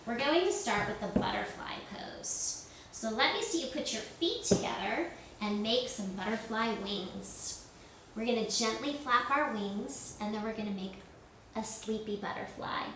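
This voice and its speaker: A woman leading a yoga lesson for children, giving slow, gentle, sing-song instructions. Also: a little high, a little hiss or hum. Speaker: kids yoga teacher. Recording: echoey room, voice from far off.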